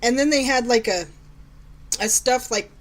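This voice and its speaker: A woman in her thirties co-hosts a podcast, casually and sarcastically chatting about raising her kids and often laughing as she tells stories. Her voice is a little high and her pace unhurried.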